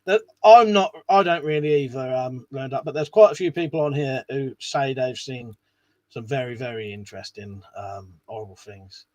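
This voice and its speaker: A man's voice: medium pitch, normal speed, dry recording. A man hosting a casual live stream, chatting to viewers in a rambling way and swearing now and then. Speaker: live stream host reading chat.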